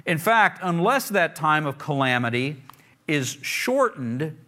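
Very animated yet slow-paced, a pastor with a bright, forceful, high-leaning voice preaches by reading scripture and then unpacking it. He speaks conversationally and with emphasis, repeating words to stress them.

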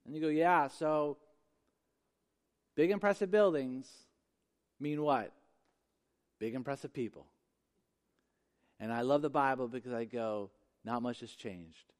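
A man's voice: on the high side, animated, unhurried, long pauses, darkish tone. A male pastor preaching a sermon, emphatic and repeating phrases for effect. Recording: long hall reverb.

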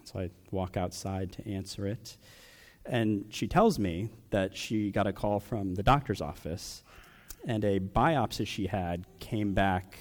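A young adult man preaching a personal sermon, asking question after question with long pauses. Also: fairly low pitch, a little mellow. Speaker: pastor.

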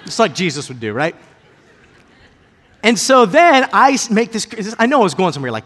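Telling personal stories from the pulpit of a large hall, this thirtysomething male pastor is animated and energetic, rising to loud peaks in his excitement. His pitch sits high and his pace is fairly quick.

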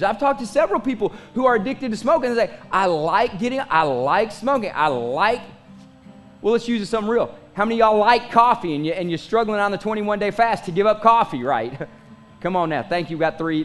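High-voiced man preaching a sermon. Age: 40s. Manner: conversational preaching with rhetorical questions and asides to the congregation. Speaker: pastor.

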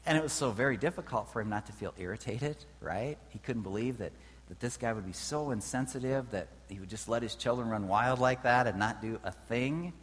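A man's voice: mid-range voice, a little fast, few pauses, slightly rough. Man preaching in a reverberant hall. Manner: conversational, checks in with the audience often. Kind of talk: sermon. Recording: reverberant hall with faint hum.

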